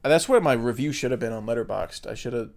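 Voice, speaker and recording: A man's voice: medium pitch, quick pace, gravelly, a little mellow. A man with an American accent co-hosting a film podcast in casual chat, rambling with lots of fillers and casual swearing. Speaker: podcast co-host.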